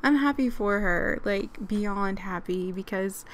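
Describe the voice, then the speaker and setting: A young woman giving chatty, excitable let's-play commentary with frequent giggles. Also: medium pitch, slow pace. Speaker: gaming channel host.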